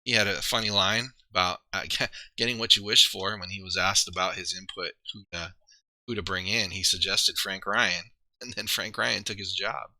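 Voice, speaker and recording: A man's voice: sits low, steady tone, normal speed, sharp tone, no echo. A man chatting casually on a livestream, rambling and thinking aloud with many fillers and restarts. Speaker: streamer and league player.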